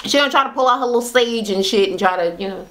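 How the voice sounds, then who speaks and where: A woman giving a casual reality TV recap, blunt and profane, with slangy, animated commentary. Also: fairly high pitch, fast talker, a little hiss or hum. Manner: animated retelling, acts out quotes; slangy, conversational.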